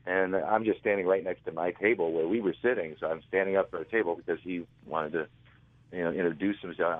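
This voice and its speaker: A man's voice: low-pitched, quick pace, no room sound. A man interviewed as an author, telling rambling anecdotes and often correcting himself mid-sentence. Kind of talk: casual storytelling. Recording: tinny phone line, dry.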